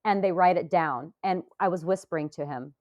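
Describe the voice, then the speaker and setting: A woman's voice: on the low side, steady tone, a little fast, a little mellow, muffled recording. A woman in her forties, a podcast guest, retelling an emotional experience with many hesitations and fillers. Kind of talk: casual interview storytelling.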